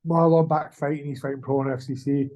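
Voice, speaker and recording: A man's voice: on the high side, little pitch movement, fast, warm tone, rough recording. A man, an amateur fighter, chatting casually in an interview, rambling and swearing with lots of slang. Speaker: amateur MMA fighter, guest.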